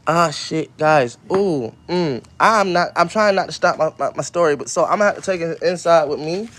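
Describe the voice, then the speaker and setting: This man's voice is fairly high, a bit bright, and moves at a normal speed. He's reading a children's story on a laid-back phone livestream at home, wandering off into profane rambles and laughing. The setting shifts from outside to his room during this read-aloud with commentary.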